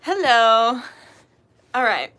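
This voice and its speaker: Bright-voiced woman hosting a spiritual livestream. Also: a little high, big pitch swings, extremely slow. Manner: greets chat viewers, laughs easily, fills with um; soft, hushed prayer voice. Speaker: spiritual reader and livestream host. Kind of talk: casual live-stream chat with opening prayer.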